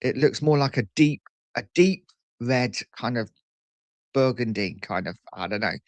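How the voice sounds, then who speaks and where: A man's voice: mid-range voice, expressive, a little slow, dry recording. A man hosting a casual fan live stream, reading out viewer comments and reacting in a chatty way, often repeating himself. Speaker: fan channel host reading live chat.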